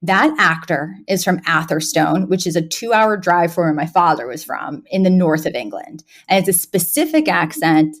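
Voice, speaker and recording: Animated woman chatting with laughs. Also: lowish voice, moderate pace, few pauses. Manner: animated, laughs often, acts out quoted lines. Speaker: podcast co-host. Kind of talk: casual chat.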